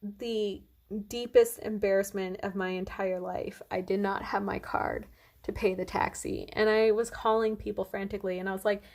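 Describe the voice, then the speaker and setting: A woman's voice: mid-range voice, flat delivery, normal speed, darkish tone. A young woman vlogger telling a long personal story in a casual, rambling way, full of fillers and "like".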